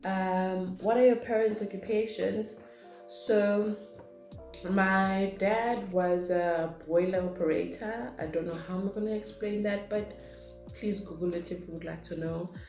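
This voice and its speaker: A woman's voice: medium pitch, fairly even intonation, measured pace, darkish tone. Chatty woman, echoey room. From South Africa. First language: Zulu. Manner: chatty, rambling, reads questions aloud then answers. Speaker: vlogger. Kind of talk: casual get-to-know-me Q&A. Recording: echoey room with faint music.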